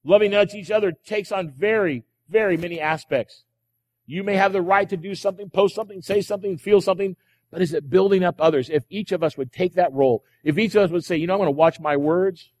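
A man's voice: high-pitched, a little fast, a little mellow. Emphatic male pastor in a reverberant hall. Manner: emphatic, repeats key phrases, asks rhetorical questions. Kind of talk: sermon. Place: church sanctuary. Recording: long hall reverb from the church.

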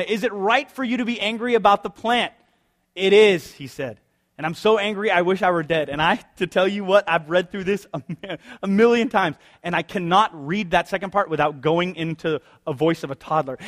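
A man preaching a sermon as pastor, conversational and wry, firing off rhetorical questions. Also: high-pitched.

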